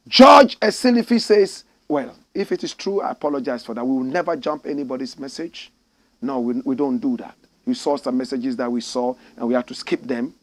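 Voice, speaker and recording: This political commentary host is a middle-aged Ghanaian English speaker whose sermon-like, fiery style builds until he's shouting. His voice sits in the mid range, and the recording has no echo.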